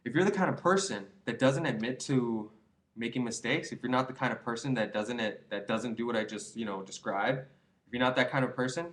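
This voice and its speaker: A young man in his twenties talks straight to the camera in a casual vlog, giving advice. He rambles and preaches in earnest, often stops to restart his sentences and tags them with "you know?" His pitch sits in an ordinary middle range for a man. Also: animated, fairly quick, fairly bright tone. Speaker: vlogger.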